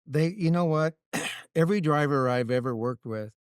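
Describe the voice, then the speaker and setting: Smooth-voiced man telling racing stories. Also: a little high, moderate pace, dry recording, clean studio sound. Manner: animated storyteller with frequent restarts and "right?". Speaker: racing crew chief, guest. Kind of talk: casual interview storytelling.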